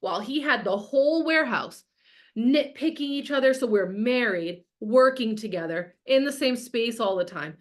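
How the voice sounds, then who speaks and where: A woman's voice: a little high, lively intonation, normal speed. A woman business coach teaching a live online masterclass, talking candidly and casually, swearing freely and reading out viewers' comments as she goes. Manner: casual, chatty, heavy with fillers like "like".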